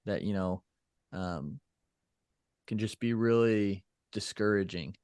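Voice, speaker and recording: Man, podcast guest, low voice, dry close sound, reflective, rambling. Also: takes it slowly, a little mellow, clear, resonant tone, dry recording. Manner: reflective, loose with fillers and restarts. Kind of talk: casual interview chat.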